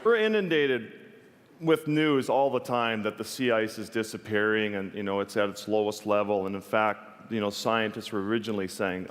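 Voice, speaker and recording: A man's voice: fairly low pitch, normal speed. Man telling a story in a big hall. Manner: earnest and vivid, with wry humor. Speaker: wildlife photographer giving a talk. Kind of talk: stage talk, personal storytelling. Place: stage in a large hall. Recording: long reverb of a large hall.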